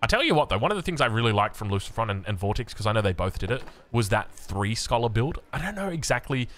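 A man's voice: medium pitch, quick pace. An Australian man giving casual strategy game commentary, joking and poking fun at himself between plays. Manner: animated, joking, self-mocking asides. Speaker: game caster.

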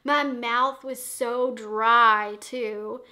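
A young woman tells a wild story straight to camera, swearing freely and acting out every beat. Her voice sits high and bright. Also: extremely slow. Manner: animated, profane, dramatic retelling. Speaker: vlogger. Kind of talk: casual storytime vlog.

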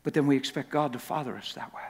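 A man preaching a sermon in a church, telling stories with lots of repetition and sometimes building up to a shout. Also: mid-range voice, fast talker, creaky, slightly rough, big-room sound. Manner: animated, repetitive storytelling that swells to shouting. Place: church sanctuary.

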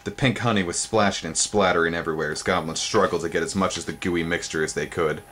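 A man reading a children's fantasy book aloud in a dramatic way, jumping up in pitch on exciting words and pausing to show the pictures. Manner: theatrical, sudden pitch jumps on exciting words; pauses to show the book's pictures. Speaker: storybook reader.

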